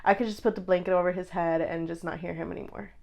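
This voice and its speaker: A young woman co-hosting a podcast, talking candidly in a casual chat, full of "like" fillers and quick quoted asides. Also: lowish voice, steady tone, creaky, darkish tone. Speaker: podcast co-host.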